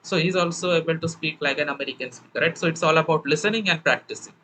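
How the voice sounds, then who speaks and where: A man's voice: fairly high pitch, fast talker, pushed and bright, slight background noise, low-quality recording. A man from Bengal with an Indian English accent, an English teacher hosting a conversation and explaining pronunciation, often checking with "right?". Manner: explains with many "right?" tag questions. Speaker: English teacher and channel host. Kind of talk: casual conversational interview.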